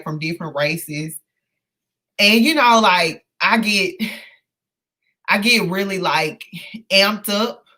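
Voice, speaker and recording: A woman hosting a live book discussion, earnest and emotional, talking in halting bursts full of fillers and restarts. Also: lowish voice, bright, forceful tone. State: emotional, close to tears. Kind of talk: casual live-stream discussion.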